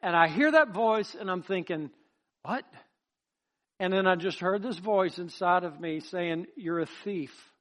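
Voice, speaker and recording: A man's voice: high-pitched, a little slow, fairly bright tone. A man preaching a sermon, building to an impassioned, repetitive cadence as he tells his own testimony.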